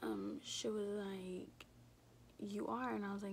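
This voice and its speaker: A young woman telling a personal story in a casual, rambling way, filling every pause with "like" and swearing freely. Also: medium pitch, steady tone, a little hiss or hum. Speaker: vlogger.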